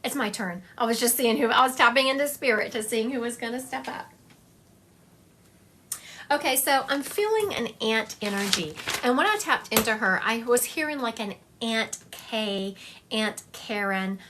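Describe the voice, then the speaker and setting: A woman's voice: fairly high pitch, moderate pace, fairly bright tone, a little hiss or hum. A woman giving a psychic medium reading on a live stream, talking in a chatty, confiding way and thinking aloud as she goes.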